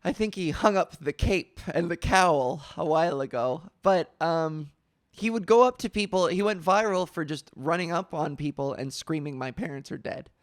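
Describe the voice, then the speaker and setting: A young woman hosting a podcast, telling stories in a casual, animated way with lots of fillers. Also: sits low, normal speed, no echo, studio quality. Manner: animated storytelling with frequent laughs and fillers. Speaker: podcast host. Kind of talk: casual chat.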